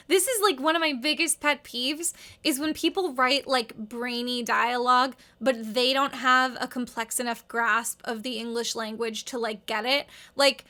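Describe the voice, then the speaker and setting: A woman's voice: sits high, moderate pace, hardly any pauses, pushed and bright. A woman in her thirties giving rambling, wry casual commentary with lots of "like". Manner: wry, rambling, heavy use of "like". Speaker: video essayist.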